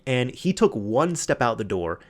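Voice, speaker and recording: A man hosting a solo podcast, telling a long anecdote in a casual, animated way, acting out the other people's lines and often restarting his sentences. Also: mid-range voice, unhurried. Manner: animated retelling with quoted voices, frequent restarts. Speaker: podcast host.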